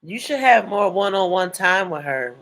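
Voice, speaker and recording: A man's voice: high voice, animated, normal speed, a bit bright. A man chatting on a livestream, slangy and affirming, full of mm-hmms. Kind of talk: casual chat.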